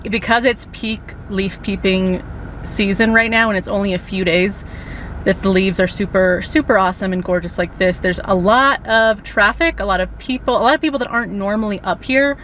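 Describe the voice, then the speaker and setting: A woman's voice: mid-range voice, moderate pace, a bit bright. Woman vlogging in her car, earnest and rambly, faint traffic hum. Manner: earnest, talks in restarts and asides. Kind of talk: casual vlog narration. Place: in a car in the mountains.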